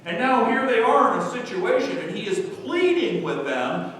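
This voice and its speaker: A man preaching with a lively, swooping delivery and a fairly high voice, hammering home rhetorical questions. He sounds far from the mic in a big echoing church hall, with a long reverb tail and a faint low rumble underneath. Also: moderate pace. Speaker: pastor. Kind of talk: sermon. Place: church sanctuary.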